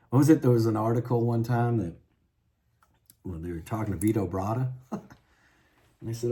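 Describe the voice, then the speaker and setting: This guitar vlogger's lowish voice is warm and steady, a little fast but broken by long pauses. He vents in a frustrated, rambling way, with many restarts, asides, and "you know"s.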